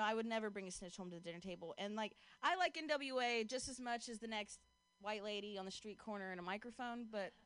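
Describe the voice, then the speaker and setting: A woman's voice: on the high side, a bit bright, smooth, no echo. A woman doing a casual stand-up set outdoors on a street corner, leaning on "like" and laughing at her own jokes. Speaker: stand-up comedian. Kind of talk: stand-up set with crowd work.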